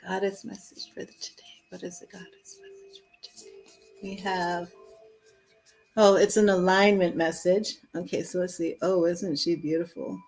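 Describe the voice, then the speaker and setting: A woman's voice: on the low side, little pitch movement, moderate pace, long pauses, a little mellow, soft background music, rough recording. A woman hosting a live-streamed tarot reading, chatting casually, laughing often and reading card messages aloud. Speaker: tarot reader.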